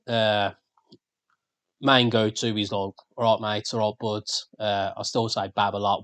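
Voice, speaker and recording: A man with a Birmingham accent co-hosting a podcast in casual, sweary banter. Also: lowish voice. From England. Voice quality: sweary, laid-back banter. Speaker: podcast co-host. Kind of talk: casual chat.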